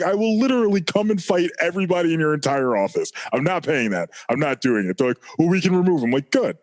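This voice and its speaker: A man's voice: mid-range voice, a little mellow. A man, co-hosting a casual sports podcast and ranting heatedly with plenty of swearing. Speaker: podcast co-host.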